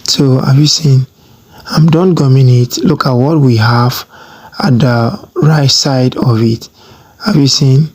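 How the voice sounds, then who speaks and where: A sewing tutor walks through a fabric project step by step at an unhurried pace. The speech is instructive and emphatic, with a habit of pausing to ask whether the viewer has seen each move. The pitch sits in the middle range. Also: darkish tone. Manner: slow, repeats "have you seen?" often.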